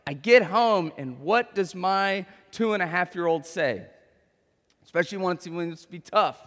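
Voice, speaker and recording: A man's voice: high voice, fairly quick, a bit bright, long reverb tail. A man in his thirties preaching a sermon as a pastor, conversational, tossing in tag questions and stories from home.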